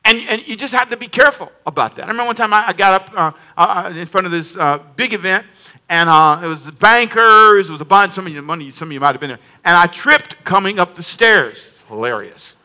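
Male pastor, high bright voice, lively humorous preaching with call-and-response. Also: a little fast. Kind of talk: sermon.

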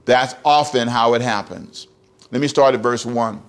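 A man's voice: medium pitch, moderate pace. A man preaching a sermon as pastor, emphatic and repetitive, often asking the congregation direct questions.

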